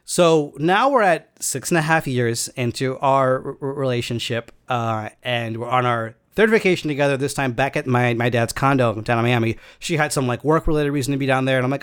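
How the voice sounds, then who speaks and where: Man, casual storytelling, mid-pitched voice, rambling, halting, lots of fillers. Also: clean tone.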